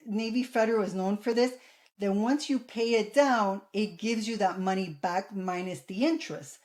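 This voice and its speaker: A woman talking straight to her viewers in a relaxed advice vlog. She keeps a conversational flow, restarts her sentences and keeps checking in with the audience as she explains. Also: mid-range voice. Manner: chatty, repeats "okay?" and "guys", restarts phrases. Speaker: channel host giving credit advice.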